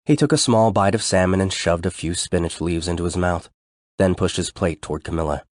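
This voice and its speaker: A male narrator with a low voice reads an audiobook at a measured, steady pace. The recording is dry and close, with no room sound. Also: dry recording.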